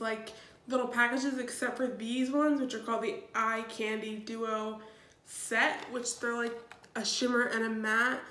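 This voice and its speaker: A woman's voice: on the high side, fairly bright tone, reverberant. A young woman in her twenties, a bit congested from a cold, chatting upbeat through a makeup tutorial with lots of ums. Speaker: beauty vlogger. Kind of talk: casual makeup tutorial chat.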